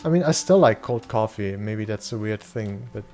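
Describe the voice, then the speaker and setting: Over soft background music, a young German man streams a game and casually talks with his audience, answering chat and swearing offhandedly. He speaks at a moderate pace in a lowish, darkish, animated voice.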